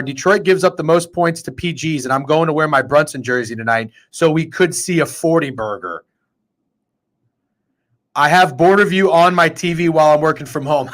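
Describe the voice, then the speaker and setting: Excitable, foul-mouthed man hosting a betting show. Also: a little high, fairly quick. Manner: excitable, profane and rambling. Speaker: sports betting show host. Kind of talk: casual sports betting chat.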